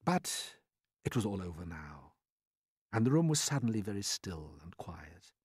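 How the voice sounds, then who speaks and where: A man reading a children's storybook aloud in an expressive, dramatic way. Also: low-pitched, measured pace, breathy edge, no echo, studio quality.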